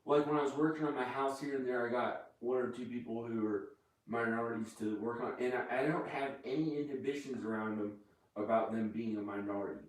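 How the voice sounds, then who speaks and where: A man talking casually as host, halting and restarting his sentences often, recorded in a room of a house. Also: mid-range voice, fairly even intonation. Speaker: channel host. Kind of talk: casual chat. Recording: echoey room, far from mic.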